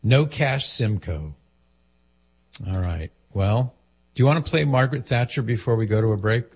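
A man's voice: medium pitch, expressive, moderate pace, a little mellow, husky. A man hosting a talk radio show, joking and teasing his co-host in casual banter.

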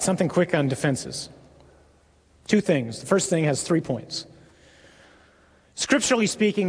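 A male priest delivers a sermon in an emphatic voice that drops to a hush at key moments. His voice sits a little high and sounds husky. A long echo from the hall trails after his words. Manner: emphatic, with hushed dramatic drops. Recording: echoey hall.

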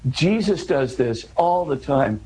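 A man's voice: on the high side, expressive, takes it slowly, warm tone, husky, low-quality recording. A man in an interview, earnestly explaining a scripture passage, often restarting and pushing his voice up for emphasis.

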